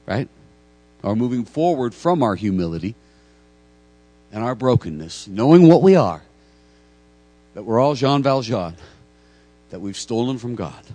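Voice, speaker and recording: A man's voice: medium pitch, darkish tone. A man preaching a sermon as pastor, earnest and emphatic, often stammering over repeated words as he tells a story.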